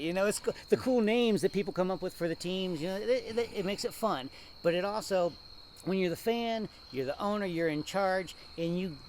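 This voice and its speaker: A man co-hosting a casual local football show, ranting and telling stories with animated laughs. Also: high-pitched, slight background noise. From Ohio, USA. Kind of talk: casual rant.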